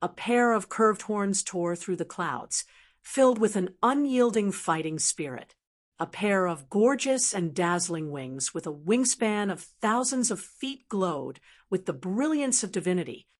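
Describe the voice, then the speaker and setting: Woman reading an audiobook, steady even narration, medium voice. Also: medium pitch, unhurried. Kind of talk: scripted narration.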